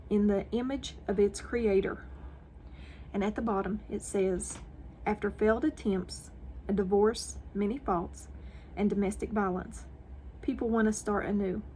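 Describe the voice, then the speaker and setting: A woman hosting a morning devotional, reading scripture verses and a reflection in a deliberate, earnest way with stressed phrases. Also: medium pitch, darkish tone, slight background noise. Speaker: devotional channel host.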